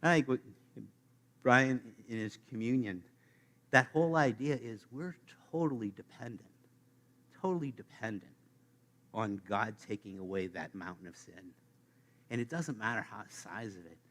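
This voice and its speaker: A man preaching a sermon to his congregation, playful and animated, speaking straight to the listeners. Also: mid-range voice, moderate pace, pauses often. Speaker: pastor. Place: church sanctuary.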